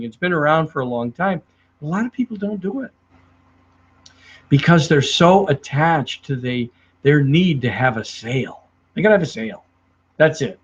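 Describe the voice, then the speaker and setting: A middle-aged man who trains salespeople tells stories and acts out the clients he meets. His voice sits a little high and sounds a touch husky. The recording is dull and lo-fi. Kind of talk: speaking to the camera about selling.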